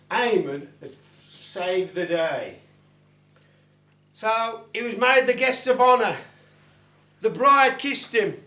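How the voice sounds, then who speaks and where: Male folk-club storyteller, lively pitch, slow and roomy, distant mic.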